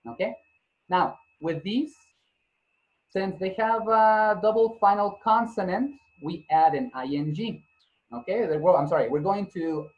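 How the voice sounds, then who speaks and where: Spelling out letters and restating points patiently, a male English teacher works through a grammar lesson, correcting himself partway through sentences. He has a high-pitched, slightly mellow voice, captured with lo-fi sound.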